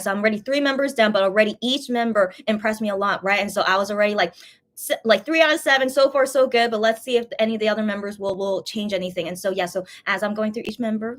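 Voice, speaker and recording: A woman hosting her own channel, gushing through a casual fan story with lots of fillers and restarts. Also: mid-range voice. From USA. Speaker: channel host.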